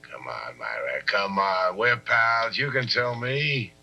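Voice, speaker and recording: A smug, scheming official. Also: male voice, fairly low pitch, takes it slowly, vocal fry, pushed and bright, dull audio, exaggerated voice. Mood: gloating. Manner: mocking, chuckling, brusque. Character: smug scheming middle-aged male official. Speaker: government official. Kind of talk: 1970s film drama acting.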